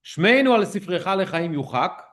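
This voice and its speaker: A man's voice: high-pitched, very animated, very fast, fairly bright tone. A man teaching a synagogue class on prayer, explaining one term at a time in a conversational lecture. He often checks in with "okay?" and restarts phrases as he translates.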